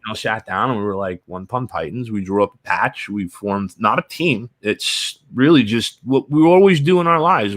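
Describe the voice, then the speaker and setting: A man's voice: on the low side, a bit bright, a little hiss or hum. A man, a guest on a podcast, chatting in an earnest, loose way with lots of "you know" fillers and casual swearing. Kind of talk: casual interview chat.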